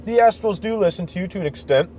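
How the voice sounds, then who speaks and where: A man's voice: high voice, animated, fast talker, mellow, voice pushed up. A man voicing a scornful young male imperial commander, dismissive and sneering, on a slightly dull recording with faint background noise.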